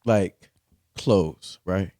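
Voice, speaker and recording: A man's voice: deep voice, drawn-out words, dark tone, dry recording, studio quality. A man, laid-back and chatty, giving his opinions on a podcast. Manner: laid-back, lots of agreeing asides. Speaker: podcast co-host. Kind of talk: casual podcast chat.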